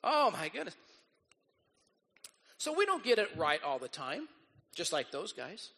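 Pastor guy preaching, bright tense voice, acts out everybody he quotes. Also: a little high, huge pitch swings, moderate pace, long reverb tail. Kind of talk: sermon.

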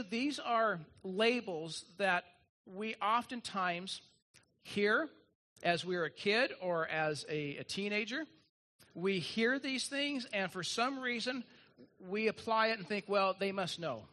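A male pastor delivering a sermon with earnest, emphatic conviction. His voice sits high and rings bright and forceful, and he leans on repeated refrains to drive points home. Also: animated, slow.

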